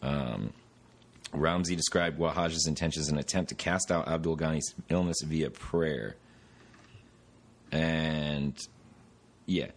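Deep-voiced rambling podcast host. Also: male voice, fairly even intonation, slow pace, pauses often. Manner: rambling, profane, tangent-prone storytelling. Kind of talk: casual chat.

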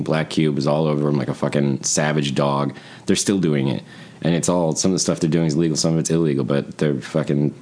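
A man with an extremely deep, low voice talks through a casual podcast chat. He rambles and swears freely, and he jumps into other people's voices as he tells a story. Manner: profane, rambling, animated storytelling. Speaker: podcast co-host. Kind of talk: casual conversation.

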